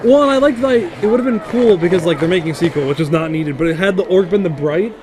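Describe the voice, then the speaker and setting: Fast-talking man in casual chat. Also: sits high, crowd noise. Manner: fast, run-on storytelling with fillers.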